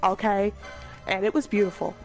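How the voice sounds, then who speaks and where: A woman's voice: mid-range voice, fairly even intonation, moderate pace, soft background music. A woman telling comedic stories in a casual, rambling way, laughing often and swearing freely. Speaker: storyteller host.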